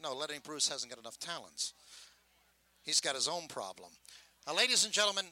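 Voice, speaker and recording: An older man telling stories in a gruff, rambling, wisecracking way about his years as a sideshow showman. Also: a little high, bright, forceful tone, poor audio. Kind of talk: casual storytelling.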